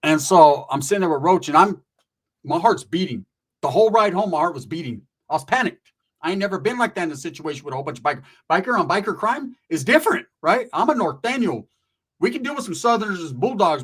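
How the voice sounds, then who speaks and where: Husky-voiced man telling a street story. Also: sits high, quick pace. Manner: profane, streetwise slang, animated retelling. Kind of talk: casual storytelling.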